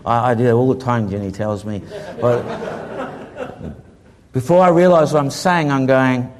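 A man preaching, telling a humorous story and acting out the people in it in a lively way. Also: mid-range voice, normal speed, pauses often. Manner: lively, humorous, acts out the people in his stories. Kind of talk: sermon storytelling.

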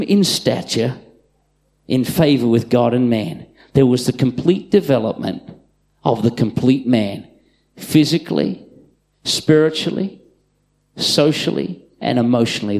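A middle-aged man preaching a live sermon in a church, telling stories and swinging from loud calls to hushed asides. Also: medium pitch, creaky. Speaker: pastor. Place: church auditorium with congregation.

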